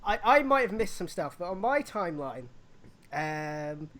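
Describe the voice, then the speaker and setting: A woman co-hosting a casual live wrestling chat show, talking in an animated way and acting out little voices. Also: on the low side, measured pace. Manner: animated, acts out little voices and laughs often. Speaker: podcast co-host.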